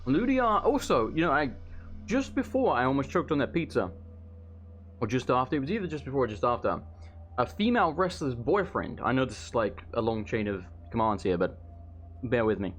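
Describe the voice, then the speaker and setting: Here a man narrates his own gameplay in a brisk, animated, medium-pitched voice, chatty and rambling, swearing and eating while he talks. Faint game music plays underneath, along with a little hiss or hum.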